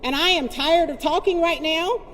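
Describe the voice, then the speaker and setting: A woman's voice: very high-pitched, moderate pace. Indignant woman addressing a press gathering. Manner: forceful, indignant, repeating points for emphasis. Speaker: community advocate speaking at a press conference. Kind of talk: impassioned public speech. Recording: long reverb, faint background noise.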